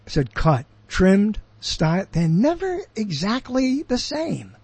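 A man's voice: high voice, huge pitch swings, takes it slowly, a little mellow, slightly rough, dry recording. An older man, hosting his own show with a rambling solo monologue, wandering off topic and correcting himself as he goes. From Brooklyn, New York. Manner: digressive, questions and corrects himself. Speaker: host.

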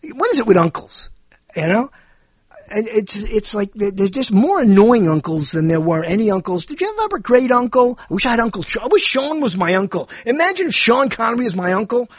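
A man's voice: high-pitched, sing-song, a little fast, breathy edge, no room sound. A man hosting a talk show with a rambling, self-deprecating monologue that jumps between topics.

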